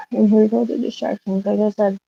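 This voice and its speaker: A woman's voice: mid-range voice, flat delivery, moderate pace, gravelly, slightly rough, no room sound. A woman livestreaming an emotional rant, upset and rambling, swearing often. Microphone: phone livestream. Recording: slightly dull lo-fi stream audio.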